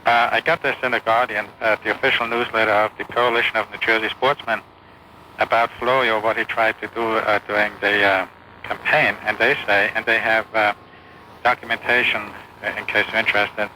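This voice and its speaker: A man calling a talk radio show, hesitant and rambling with many pauses. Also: fairly low pitch, little pitch movement, pushed and bright. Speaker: caller. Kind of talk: call-in radio caller. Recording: hissy AM radio phone call.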